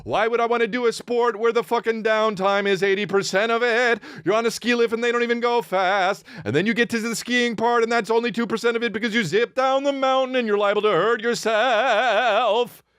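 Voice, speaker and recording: A man hosting his podcast as a comedian, ranting in an animated, profane way with sudden high mocking outbursts. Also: brisk, few pauses, clear, resonant tone, dry recording, studio quality. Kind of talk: comedic rant.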